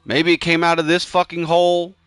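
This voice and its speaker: In a studio-quality recording with no echo and soft background music, a young male streamer talks briskly in a smooth, slightly high voice. He chats casually with friends while gaming, swearing a lot and saying "bro" and "dude," and yelps loudly and excitedly whenever it gets tense.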